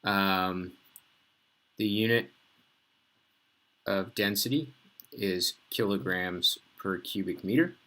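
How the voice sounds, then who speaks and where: Brief: slow, low-voiced male teacher. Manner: casual, filler-heavy, relaxed explaining. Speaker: physics teacher. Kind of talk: recorded lesson.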